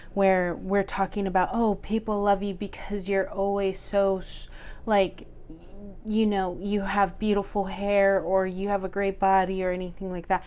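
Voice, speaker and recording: A woman reading tarot cards for her viewers at an unhurried, gentle pace. Her voice sits at a middle pitch, and she talks earnestly, repeating words and pausing on soft fillers. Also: clean tone. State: choked up, teary. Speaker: tarot reader. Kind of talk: solo tarot reading to camera.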